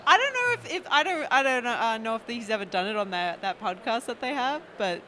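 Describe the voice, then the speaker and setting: Playful woman guest, fairly high voice. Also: expressive, fairly quick, sharp tone, a little hiss or hum. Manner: playful, laughing. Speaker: guest comic artist. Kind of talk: casual chat.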